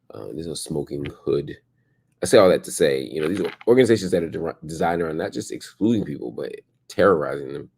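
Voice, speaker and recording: Tired news-stream host, very low gravelly voice, dark and husky; reads headlines, adds casual commentary. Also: male voice. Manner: reads headlines then comments, with fillers and restarts. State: tired, exhausted.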